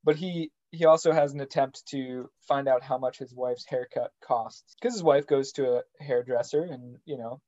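A man co-hosting a podcast in casual chat, joking and halting with frequent restarts. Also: medium pitch, a little mellow. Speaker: podcast co-host. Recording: dull lo-fi sound.

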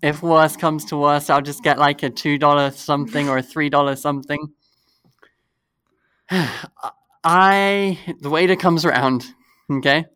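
A man's voice: on the high side, a little slow, long pauses, clear, resonant tone, no room sound. A young man in casual chat, animatedly telling a funny story and laughing through it. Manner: animated, laughs through his story, acts out quoted voices.

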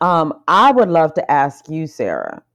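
A woman co-hosting a casual conversation, gentle and thoughtful, pausing with frequent ums. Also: low voice, huge pitch swings, vocal fry. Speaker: podcast co-host.

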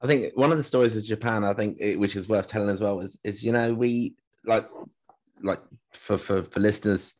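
A man hosting a casual chat, talking haltingly with many fillers and restarts. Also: fairly low pitch, darkish tone.

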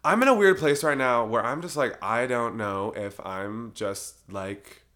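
A man's voice: mid-range voice, unhurried, bright, forceful tone. A young man hosting his own solo podcast, rambling casually, often breaking into giggles and cutting himself off mid-sentence. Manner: giggly, rambling, self-interrupting. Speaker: podcast host.

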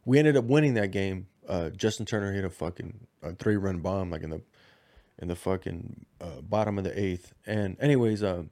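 A man's voice: sits low, moderate pace, darkish tone. A man chatting casually on a podcast, telling a long story full of slang, swearing and restarts. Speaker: podcast co-host.

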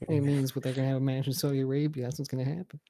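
A man's voice: medium pitch, level tone, racing, crowd noise. A man co-hosting a wrestling review podcast, jokey and profane, laughing often. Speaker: podcast co-host. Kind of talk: casual wrestling review chat.

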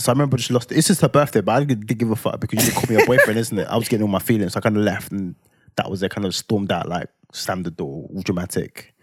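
A young man tells a story with a low voice and a dramatic, animated delivery full of slang tags. The sound is close and dry, with no room around it. It plays as casual podcast talk. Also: quick pace, no room sound. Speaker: podcast co-host.

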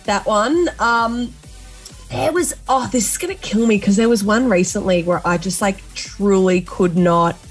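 A woman's voice: medium pitch, measured pace, husky, soft background music. A young woman co-hosting a radio show, chatting casually in a giggly, self-deprecating way. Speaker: radio co-host.

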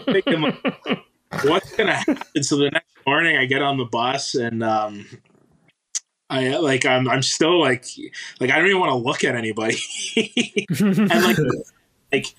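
A man in his thirties from Canada, a former hockey player telling a story in a casual interview, halting with many fillers and restarts and laughing often. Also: medium pitch, lively intonation, a bit bright, rough recording.

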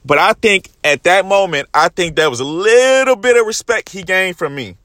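A man's voice: high-pitched, expressive, normal speed, a bit bright, no room sound. A young man telling a story into his phone in a fired-up, profane monologue, repeatedly addressing his viewers as "guys". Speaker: vlogger.

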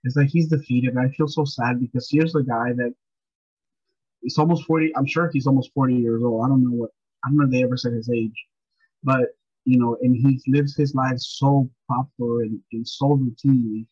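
A man's voice: medium pitch, fairly even intonation, normal speed, a little mellow, husky, no echo, dull audio. A man chatting casually about a film, rambling with restarts and a sympathetic tone.

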